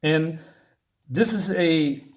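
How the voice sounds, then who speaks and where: Guy tearing apart a comic, fed up and sneering, trips over his words, voice sits a little high. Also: extremely slow. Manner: exasperated, scornful, stammering restarts. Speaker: comic book reviewer. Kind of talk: ranting comic review.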